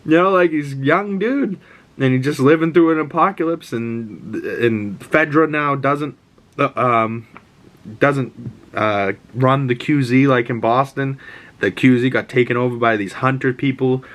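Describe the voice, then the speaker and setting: A man in his twenties talks through a TV episode in a loose, excitable ramble. He swears freely and leans on fillers. His voice sits at an ordinary middle pitch. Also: a little slow. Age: 20s. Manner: rambling, profane, enthusiastic with fillers. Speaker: TV show recap vlogger. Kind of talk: casual show recap.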